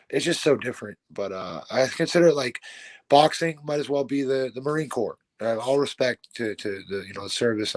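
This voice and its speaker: A young man, a fighter as a guest, telling stories in a casual, animated and profane way. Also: medium pitch. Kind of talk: casual interview chat.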